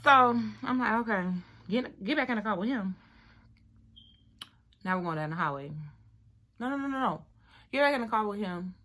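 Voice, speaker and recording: Young woman vlogging at home, bright voice, chatty storytime, goes real quiet sometimes. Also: mid-range voice, moderate pace, long pauses. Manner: animated, chatty, drops to near-whisper at times. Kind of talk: storytime while doing her hair.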